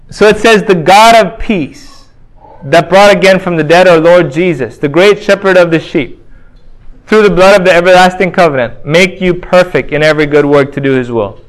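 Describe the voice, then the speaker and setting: High-voiced man preaching a sermon. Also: low-quality recording. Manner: asks questions and answers them himself, reads verses slowly.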